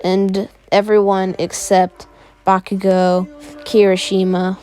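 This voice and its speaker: A woman's voice: mid-range voice, monotone, slow, mellow. A woman casually telling a fan story, rambling along with many fillers. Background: faint background music.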